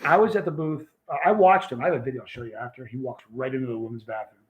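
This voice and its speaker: A man's voice: mid-range voice, racing, crowd noise, poor audio. A man hosting a casual livestream, telling a long rambling story and greeting viewers in the chat. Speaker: host.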